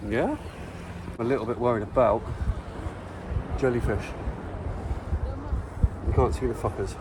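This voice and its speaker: A man vlogging casually outdoors at the beach, chatting in a relaxed way and swearing freely as he talks to a handheld phone. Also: mid-range voice, a little slow, background noise. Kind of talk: casual vlog narration.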